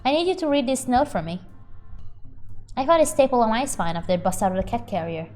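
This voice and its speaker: A woman's voice: on the high side, animated, fast talker, a little mellow, faint music behind. A woman streamer playing a story game, voicing her character in a theatrical, playful, melodramatic way.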